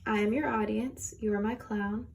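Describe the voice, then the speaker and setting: A young woman reading a rhyming children's book aloud with a gentle, steady rhythm. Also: medium pitch, moderate pace, vocal fry, slight background noise. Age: young adult. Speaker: reader.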